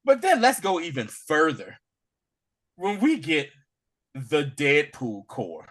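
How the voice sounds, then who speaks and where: Bright, slightly high male podcast co-host; casual, animated film talk. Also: slow pace. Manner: animated, acts out lines in loud bursts. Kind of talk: casual movie discussion.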